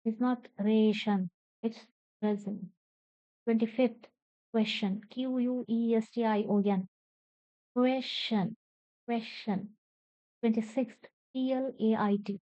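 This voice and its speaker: A woman's voice: fairly high pitch, steady tone, takes it slowly, warm tone, no room sound. A woman from India with an Indian English accent, teaching English pronunciation by spelling each word letter by letter and then repeating it carefully. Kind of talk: pronunciation lesson. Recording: slightly dull, dry lo-fi recording.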